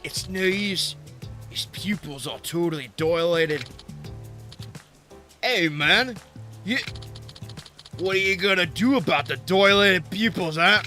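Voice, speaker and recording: A man voicing a rowdy male street thug with a put-on Australian accent, loud and threatening. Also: high voice, voice pushed up, full character voice.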